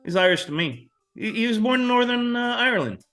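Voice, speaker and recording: A man's voice: extremely high pitch, lively intonation, fairly quick, a bit bright. A man co-hosting a casual movie podcast, passionate and profane, humming movie music as he talks. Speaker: co-host.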